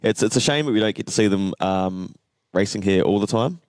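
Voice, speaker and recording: A man's voice: lowish voice, darkish tone, dry recording. A man with a New Zealand accent chatting bluntly on a podcast. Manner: blunt, swearing, fast. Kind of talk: casual chat.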